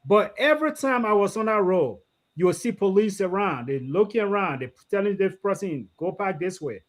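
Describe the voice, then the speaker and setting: A guest with a notably high voice for a man. He talks in anecdotes and restates his phrases as he goes. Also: animated, normal speed. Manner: storytelling, repeats phrases. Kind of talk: casual discussion.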